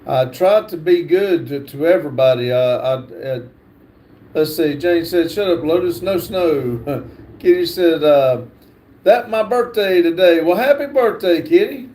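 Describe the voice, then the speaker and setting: A man hosting a livestream, reading chat comments aloud in a halting way with fillers and restarts. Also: fairly high pitch, a little mellow, slight background noise. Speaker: livestream host.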